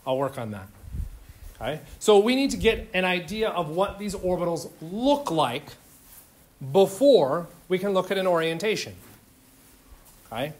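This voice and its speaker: Male chemistry instructor, slightly high voice, informal and jokey, quizzes the room as he lectures. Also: big pitch swings, unhurried, pauses often. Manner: informal, joking, questions to students. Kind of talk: classroom lecture. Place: lecture classroom.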